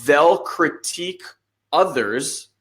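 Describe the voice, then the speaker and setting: A man in his thirties co-hosting a podcast, telling a story in a loose, animated way and acting out the lines he quotes. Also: a little high, slow pace. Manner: animated storytelling, acts out quotes, swears casually. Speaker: podcast co-host. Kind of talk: casual conversation.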